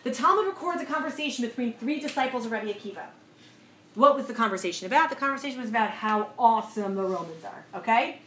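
A woman's voice: on the high side, quick pace. Woman teaching a class in an echoey room. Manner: asks the class questions, animated storytelling. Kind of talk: lively class lecture. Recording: echoey room, faint noise.

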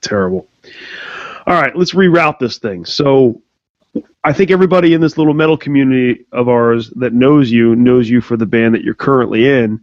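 A man's voice: medium pitch, normal speed, a little mellow, no echo. Joking male podcast host, dry sound. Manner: joking, wry asides. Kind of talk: casual interview. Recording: dry, muffled lo-fi.

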